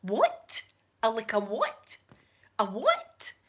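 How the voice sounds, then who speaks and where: A woman's voice: high voice, huge pitch swings, normal speed, fairly bright tone, pitched above the performer's own voice, heavily acted. A Scottish woman voicing her own chatty mother, raising her voice for the part. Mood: shocked. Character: shocked chatty older mother, higher voice.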